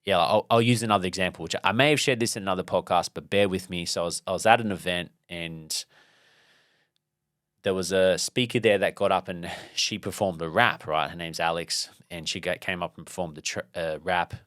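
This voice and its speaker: A man's voice: low voice, brisk, fairly bright tone, no room sound, clean studio sound. A man hosting a podcast, telling a motivational story in a rambling, casual way with many fillers and restarts. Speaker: podcast host.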